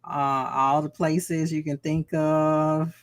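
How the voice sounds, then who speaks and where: A woman's voice: sits low, little pitch movement, slow, no echo, clean studio sound. A woman from Atlanta with a Southern Georgia accent, co-hosting a podcast in laid-back casual chat and laughing often. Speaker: podcast co-host.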